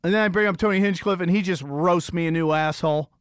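A middle-aged man hosting a comedy podcast, telling a story in an animated, incredulous, profane rant that swings between high and low pitch. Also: fast, clean tone, no echo, studio quality. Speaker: podcast host.

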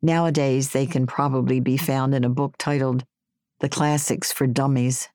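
A woman reading her personal memoir aloud in a wry, gently humorous way. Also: rumbling low, steady tone, moderate pace, dry recording, studio quality. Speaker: memoir narrator.

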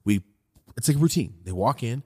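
A man hosting a podcast, telling a story in a loose, profane, rambling way while high. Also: expressive, fairly quick, darkish tone, breathy edge, dry recording, clean studio sound. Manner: profane, rambling, laid-back. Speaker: podcast host. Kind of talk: casual storytelling.

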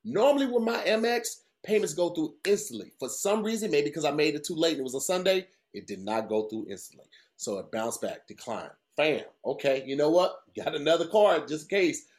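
A man's voice: a little high, fairly quick, few pauses. A man co-hosting a podcast, telling a long story casually, swearing often and acting out what people said. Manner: profane, animated storytelling with voiced quotes. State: tired. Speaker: podcast co-host.

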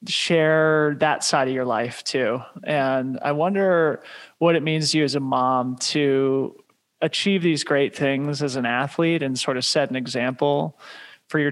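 A man hosting a podcast, asking long, admiring questions with lots of hedging words. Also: mid-range voice. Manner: admiring, rambling questions with hedges. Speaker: podcast host. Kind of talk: casual interview chat.

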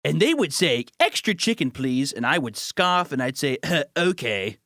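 A man's voice: a little high, big pitch swings, pushed and bright, dry recording, studio quality, exaggerated voice. A man putting on a whiny smug storyteller. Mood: mocking. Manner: mocking, drawn-out sing-song delivery. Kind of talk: comedy podcast parody bit.

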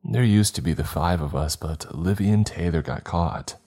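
A man's voice: sits low, normal speed, mellow, slightly rough. A man voicing a solemn ghost boy from the 1860s who speaks in an old-fashioned, clipped way.

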